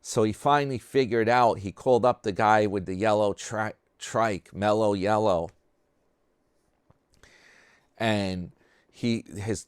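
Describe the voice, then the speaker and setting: A man's voice: lowish voice, smooth, no echo, clean studio sound. A man hosting a commentary channel, talking casually and sarcastically in a rambling way about another creator.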